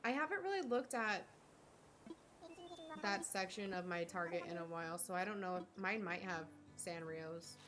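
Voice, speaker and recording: A woman's voice: fairly low pitch, expressive, moderate pace. A young woman streamer chatting casually while she plays a cozy life-sim game, rambling and talking to her chat.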